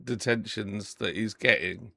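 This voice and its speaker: A man's voice: fairly low pitch, measured pace, gravelly, pushed and bright. A middle-aged man, co-hosting a casual podcast chat, laughing often and telling stories with animation. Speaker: podcast co-host.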